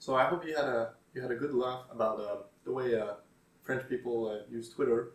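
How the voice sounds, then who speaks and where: A man's voice: mid-range voice, fairly even intonation, fairly quick. A man casually commenting on tweets in a hesitant way, with lots of fillers and dry sarcastic asides. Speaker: YouTuber reading tweets. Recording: roomy echo, distant mic.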